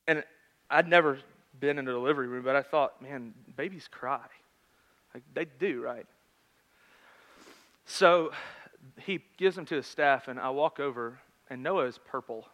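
Guy in his 30s preaching, bright forceful voice, chatty, gets loud then real quiet. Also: medium pitch. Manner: conversational, swings from loud to hushed. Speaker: pastor. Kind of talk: sermon with personal story.

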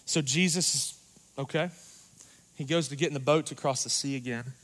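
A man preaching a sermon in a dynamic, conversational way, swinging between loud passages and hushed ones. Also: medium pitch, moderate pace. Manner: conversational, uses "like" and "you know".

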